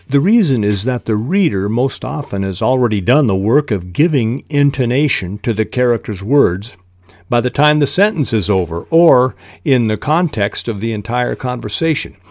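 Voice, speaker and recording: A man hosting a writing podcast, explaining technique in a measured way and reading quoted passages aloud. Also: medium pitch, a little mellow, no room sound, studio quality. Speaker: podcast host teaching fiction writing. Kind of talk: instructional podcast talk.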